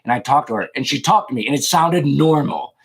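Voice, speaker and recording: An American man hosting a casual live chat, loud and joking, swearing often and trying mock accents. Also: medium pitch, expressive, a little fast, vocal fry. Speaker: host.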